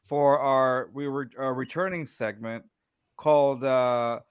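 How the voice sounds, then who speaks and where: A man's voice: medium pitch, fairly even intonation, unhurried, clear, resonant tone, no echo. A man hosting a casual podcast, teasing his friends and introducing segments. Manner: laughing, teasing. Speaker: podcast host.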